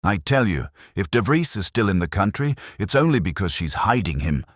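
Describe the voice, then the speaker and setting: A man's voice: extremely low pitch, normal speed, no room sound, clean studio sound. A man voicing a nervous younger conspirator who snaps his words out. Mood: tense. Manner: snapping, edgy.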